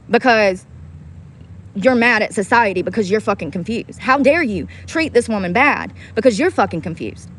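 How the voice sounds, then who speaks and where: A woman's voice: a little high, fairly bright tone. Heated profane woman ranting on livestream. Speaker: livestream host. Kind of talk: casual livestream rant.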